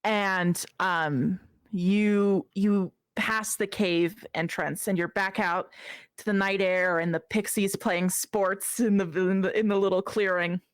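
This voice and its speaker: A woman narrating as game master of a tabletop game, measured with small hesitations. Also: medium pitch, fairly even intonation, clean tone, no echo, studio quality.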